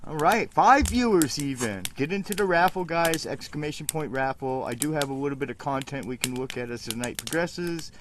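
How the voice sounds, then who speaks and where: A man's voice: fairly high pitch, animated, fairly quick, hardly any pauses, a bit bright. A man hosting a casual live stream outdoors at night, chatting loosely with viewers and coaxing his dogs. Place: outdoors by a campfire on a mountainside at night. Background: crackling fire, dogs.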